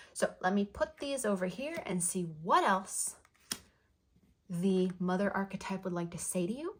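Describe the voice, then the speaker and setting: Gentle woman giving a tarot reading. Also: mid-range voice, moderate pace. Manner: soft, flowing, affirming, repeats phrases. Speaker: tarot reader. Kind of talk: channeled tarot card reading.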